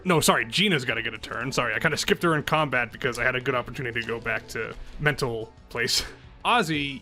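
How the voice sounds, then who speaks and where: A man's voice: mid-range voice, sharp tone. A man narrating a tabletop game as game master in a playful way. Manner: playful, laughs often.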